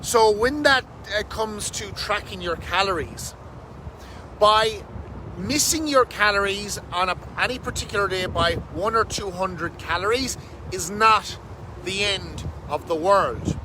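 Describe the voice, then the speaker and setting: A man talking fast and energetically as a fitness coach, swearing casually, in a casual vlog recorded outdoors under a bridge. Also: high voice. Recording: outdoor wind and traffic noise.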